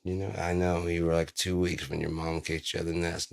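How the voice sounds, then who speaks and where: A man's voice: low-pitched, flat delivery, brisk, vocal fry. A man vlogging in a rambling, profane, casual monologue, telling stories and putting on silly voices.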